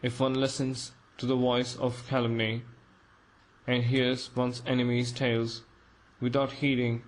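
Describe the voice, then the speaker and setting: Timid pleading clerk, flat level delivery, read by a man; storybook reading. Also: medium pitch, natural voice, low-quality recording. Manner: pleading, flustered. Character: timid, anxious middle-aged clerk, man.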